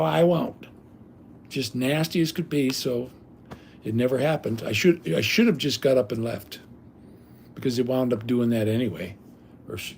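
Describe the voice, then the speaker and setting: A man's voice: medium pitch, a little mellow, slight background noise. An older man hosting a livestream, telling rambling stories in a blunt, casual way with salty language. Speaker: livestream host.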